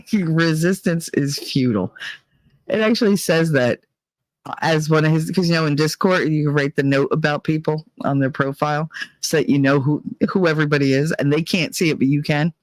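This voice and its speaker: Male streamer, higher-pitched voice, dry and close recording, candid and foul-mouthed chat delivery. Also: normal speed, no echo. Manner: blunt, profane, emotionally candid. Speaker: livestream host reading chat. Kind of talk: casual livestream chat.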